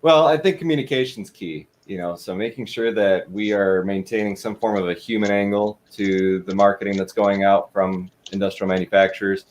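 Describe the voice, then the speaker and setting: A man from Michigan, a guest, giving earnest, measured answers about industrial marketing. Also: fairly low pitch, fairly even intonation. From Michigan, USA. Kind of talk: interview answers.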